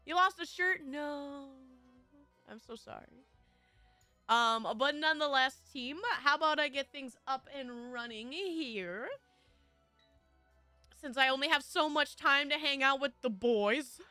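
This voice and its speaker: A woman's voice: high voice, measured pace, pushed and bright, no room sound, soft background music. A young woman streaming a game, chatting casually with her viewers in a bubbly, giggly way. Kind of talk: casual live-stream chat.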